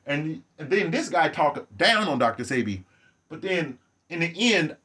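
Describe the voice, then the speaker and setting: A man giving ranting vlog commentary, animated, profane and sarcastic. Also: mid-range voice.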